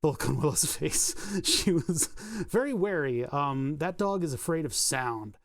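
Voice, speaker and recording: A man talking off the cuff to viewers on a live stream, recorded close on a desk mic at home. His delivery rambles, full of fillers and restarts. When he addresses his dog, his voice jumps up into high, sing-song baby talk. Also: animated, measured pace, gravelly. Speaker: livestreamer. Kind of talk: casual live-stream chat. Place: home workspace, indoors. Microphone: desk mic on a cable.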